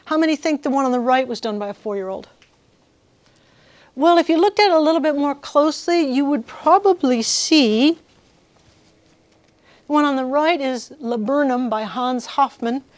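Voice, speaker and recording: Woman, guest lecturer, lively, asks the audience questions, dry close sound. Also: high-pitched, normal speed, long pauses, no room sound. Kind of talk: workshop lecture to music students.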